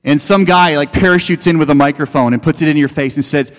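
A man with a high, light voice preaches a sermon in a large hall that rings with long reverb. He talks conversationally, telling stories, then climbs into fervent, ringing exclamations. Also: fast. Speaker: pastor.

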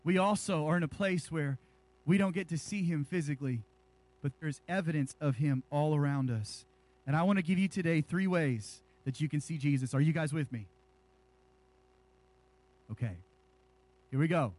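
High-voiced pastor preaching with energy. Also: male voice, moderate pace, pauses often. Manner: animated preaching, jokes with the congregation. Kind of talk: sermon.

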